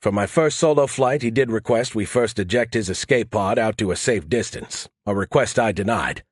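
A man's voice: on the low side, moderate pace, breathy edge, no room sound. A man narrating a first-person audiobook in a dry, wry, matter-of-fact way.

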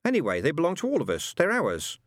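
Wensleydale, a man doing a flat, earnest boy. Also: a little high, fast talker, dry recording, clean studio sound, voice pushed up. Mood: firm. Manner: flat, firm. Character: earnest, matter-of-fact young boy.

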